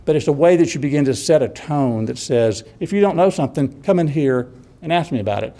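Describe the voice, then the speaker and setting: A man presents a workshop to college instructors in a conversational style, chuckling often and acting out students' questions. His voice is on the high side and mellow, with lively intonation and a fairly quick pace.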